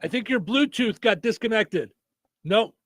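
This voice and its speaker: A man with a high voice hosts a radio talk show from a dry studio mic. He talks plainly and pads his plugs with little fillers. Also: expressive, unhurried, fairly bright tone, dry recording. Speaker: radio host.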